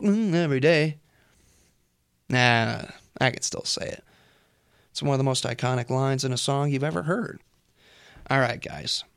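A man's voice: mid-range voice, a bit bright, clean tone. A young man hosting a college radio show, chatting casually and rambling between jokes and asides. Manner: rambling, joking, easily distracted. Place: radio studio.

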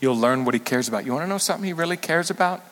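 A man preaching as senior pastor in an animated, emphatic way, his voice sitting a little high for a man. He swings between quiet asides and sudden loud rises, and it carries through a long hall reverb. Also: very fast. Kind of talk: sermon.

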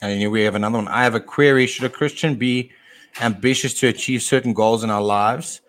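A man co-hosting a casual talk show and teaching from scripture, often pausing and repeating words as he thinks aloud. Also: medium pitch, fairly even intonation, fairly bright tone. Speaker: podcast co-host and Bible teacher; father.

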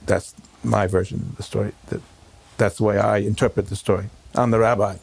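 A rabbi with a lowish, gravelly man's voice tells his story slowly and haltingly, full of fillers, restarts and pauses. It is a personal recollection in a home interview, quiet and reflective. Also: little pitch movement.

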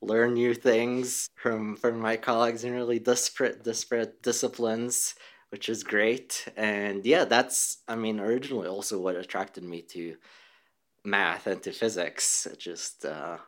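A man's voice: on the low side, fairly even intonation, a little slow. A man, a physicist, answering interview questions thoughtfully, with small laughs and occasional restarts. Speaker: physicist and researcher.

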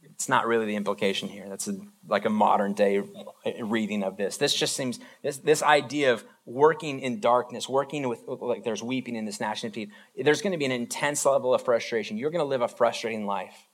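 Man, pastor, casual conversational sermon, everyday examples, mid-pitched voice. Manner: informal, talks through everyday examples, acts out quick voices.

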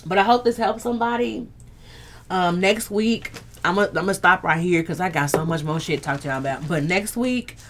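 A woman's voice: lowish voice, fairly bright tone, a little hiss or hum. A woman hosting a casual live stream, talking candidly and earthily to her viewers. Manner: candid and earthy, swears, talks straight to viewers. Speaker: livestream host.

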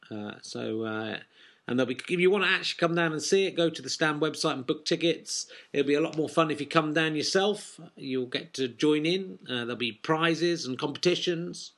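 A man's voice: fairly high pitch, fairly bright tone. A man in his forties, a comedian and podcast host, giving a rambling, wry promotional monologue full of ums and uhs.

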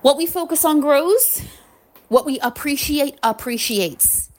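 Upbeat high-voiced woman money coach. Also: unhurried. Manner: upbeat, emphatic, repetitive. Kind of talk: motivational teaching talk.

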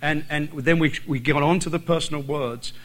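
A man's voice: a little high, steady tone, moderate pace, a bit bright, low-quality recording. A man with an Irish accent preaching a sermon as a visiting preacher, driving points home by repeating phrases. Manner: emphatic, repeats phrases for stress.

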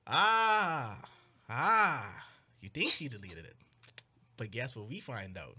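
A young man co-hosting a podcast, recounting a story in casual chat with animated, mock-outraged delivery and quick put-on voices. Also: medium pitch, slightly rough. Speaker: podcast co-host.

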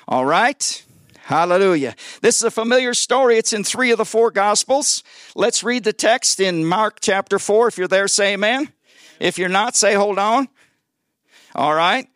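Guest preacher, male, high voice, dry close sound, jokey and lively, keeps getting call-and-response from the pews. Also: no echo. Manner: lively and joking, calls on the congregation for responses; stumbles and repeats words when excited. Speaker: guest pastor. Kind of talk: sermon. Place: church service before a congregation.

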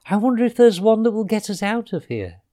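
A man's voice: high voice, very animated, fairly quick, mellow, pitched above the performer's own voice. A man voicing a curious young girl who speaks eagerly and asks questions.

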